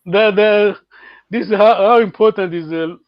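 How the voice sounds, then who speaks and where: A man teaching a live online language class, patiently repeating words slowly and chuckling often, over a call microphone. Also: sits high, no echo. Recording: dull, dry lo-fi stream audio.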